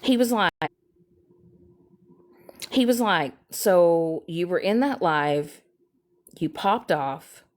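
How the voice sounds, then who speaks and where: A woman chatting casually on a livestream, repeating herself and sliding from soft mutters into sudden high squeals. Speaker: TikTok live streamer. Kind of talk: casual rambling chat.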